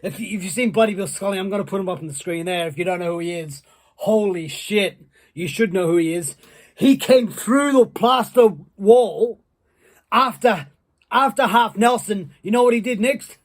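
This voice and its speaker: A man spins a casual, rambling story full of swearing, getting more worked up as it goes. His voice sits high and sounds husky. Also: normal speed. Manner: rambling, profane, building excitement. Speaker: storyteller, former wrestler. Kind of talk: casual anecdote.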